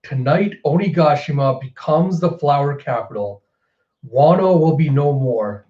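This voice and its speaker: A man's voice: on the high side, unhurried, lightly acted. A man voicing a menacing male pirate emperor who lays down orders, in a roomy, slightly dull recording. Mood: commanding.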